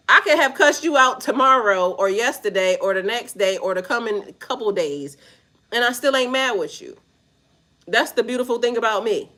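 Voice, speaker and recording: Talking directly to her livestream chat, this spiritual reader is blunt, profane, and quick to laugh, with slangy, repetitive phrasing. Her voice is medium-pitched and fairly bright.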